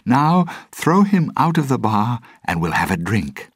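A man's voice: fairly low pitch, animated, unhurried, darkish tone, husky, dry recording, clean studio sound, pitched above the performer's own voice. A man voicing an urgent, fierce young woman. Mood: commanding.

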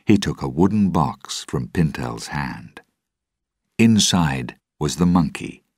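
A man narrating a storybook with a steady, deliberate reading. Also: rumbling low, slightly rough, dry recording, studio quality.

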